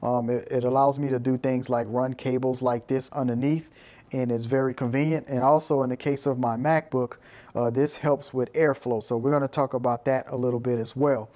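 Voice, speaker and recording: A man's voice: medium pitch, little pitch movement, normal speed, warm tone. Casual man demonstrating his gear. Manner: conversational, tags lines with "right?" and "you know". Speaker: video creator showing his gear. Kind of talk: casual show-and-tell walkthrough.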